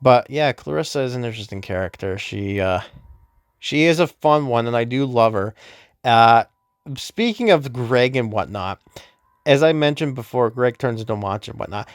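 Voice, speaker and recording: A man's voice: mid-range voice, expressive, moderate pace, no room sound, studio quality. A man casually recapping a game story as a YouTuber, rambling with many fillers and self-corrections. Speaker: gaming YouTuber.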